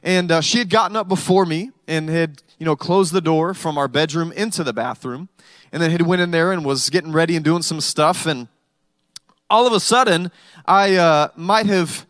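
A man with a high voice preaching a sermon, relaxed and chatty, and he drops jokes and stories into the message. The sound is dry and close, with no room echo. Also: normal speed. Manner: conversational preaching with humorous storytelling. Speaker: pastor.

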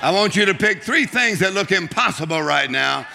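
A man preaching a humorous sermon, joking and urging the congregation on with shouts and laughter. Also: high-pitched, expressive, normal speed, gravelly, a little hiss or hum.

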